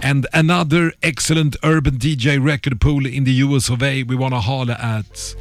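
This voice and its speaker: Gravelly hype radio DJ man. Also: medium pitch. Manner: hype DJ patter with stutters and repeats. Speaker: radio DJ host. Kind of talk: radio show shout-outs. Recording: music playing underneath.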